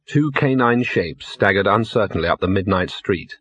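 A husky male narrator reads a fantasy audiobook in a measured, wry way. The recording is dry and dull, with a lo-fi edge. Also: on the low side, animated, fairly bright tone, no room sound.

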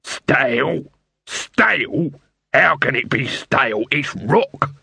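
Brash street hawker, voiced by a man, bouncy pitch, husky edge, dry sound. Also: lively intonation, slow, no echo, full character voice. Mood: indignant hawking. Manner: loud wheedling sales patter. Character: pushy male street food hawker.

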